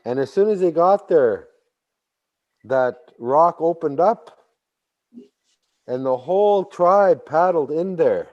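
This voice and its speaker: A man telling a traditional story slowly, repeating phrases and bursting into sudden animated emphasis. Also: a little high, lo-fi sound. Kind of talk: oral storytelling.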